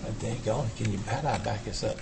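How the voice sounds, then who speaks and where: An older man giving a urology lecture to an audience, emphatic and animated, firing rhetorical questions at the room. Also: lowish voice, quick pace, gravelly, background noise.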